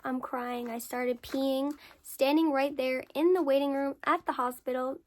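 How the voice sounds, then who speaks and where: Young female creator, high voice; casual, candid storyteller who curses and repeats for emphasis. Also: measured pace. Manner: candid and frank, swears freely; lively storyteller with emphatic repetition. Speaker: content creator answering follower questions.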